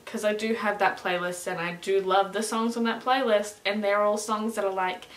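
A woman's voice: medium pitch, fairly bright tone. A young woman, chatting casually as she reacts to music, gushing and scattering lots of fillers. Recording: echoey room.

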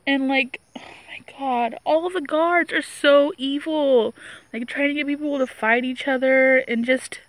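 Young woman vlogger, high voice, dry close sound, rambling and emotional. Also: steady tone, unhurried, no room sound. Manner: rambling, emotional, lots of "like" and "you know". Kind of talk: casual rambling TV review.

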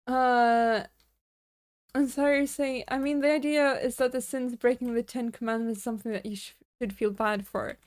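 A woman's voice: on the high side, fairly even intonation, normal speed, no echo. A woman streamer in casual live-stream chat, chatty and giggly, laughing often as she rambles and answers her viewers.

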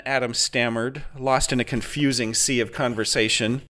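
Male audiobook narrator, dry satirical reading, bright and clear. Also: medium pitch, moderate pace, hardly any pauses. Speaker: author and narrator.

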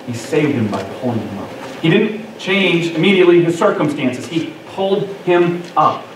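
A man with a high voice preaches a sermon, giving the quoted lines expression as he acts them out. He is recorded from a distance in an echoey church, with faint background noise. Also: expressive, normal speed. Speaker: pastor. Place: church sanctuary.

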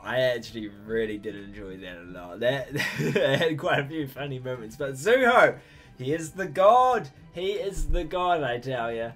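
A man hosting a casual reaction video, excitable and full of exclamations, laughing often. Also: on the high side.

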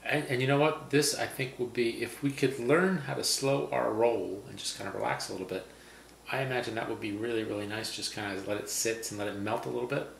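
Gravelly guy cohosting a drinks show, kinda echoey room, faint hum behind. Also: mid-range voice, brisk. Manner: joking, relaxed banter. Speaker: cocktail show co-host. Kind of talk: casual tasting chat. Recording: roomy with faint background noise.

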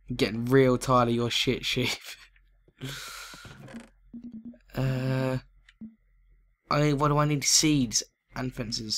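A man giving excitable let's play commentary, chatting to the animals in the game. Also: mid-range voice, very slow, long pauses.

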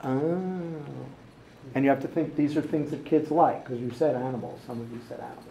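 A man teaching a music class, brisk and upbeat as he directs the students. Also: mid-range voice, creaky, warm tone, distant mic, a little hiss or hum. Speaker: music education professor. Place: large echoey classroom. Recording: roomy classroom audio from afar.

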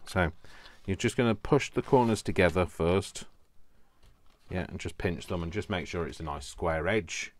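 A man with a Yorkshire accent chatting casually as he walks through a craft project, talking to himself and poking fun at his own work. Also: sits low. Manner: chatty, self-deprecating, talks to himself while working. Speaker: craft video host.

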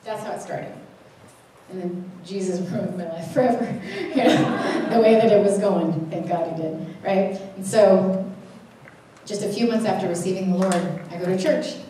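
Speaking at a normal speed in a mid-range voice, a young woman conference speaker tells her testimony like a sermon, full of humor and acted-out quotes of herself. A distant mic in a very echoey church hall picks up background noise too.

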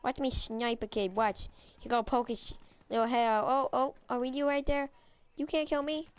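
A woman's voice: on the high side, steady tone, moderate pace, clear, resonant tone, dry recording. A woman giving playful, goofy live commentary while playing a shooter game, with silly chants and voices. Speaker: gamer.

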